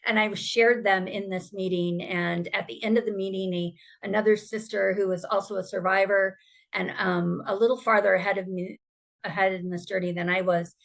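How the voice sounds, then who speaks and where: A woman's voice: mid-range voice, fairly even intonation, moderate pace, creaky. A woman speaking as a survivor advocate, giving an earnest, emphatic personal testimony.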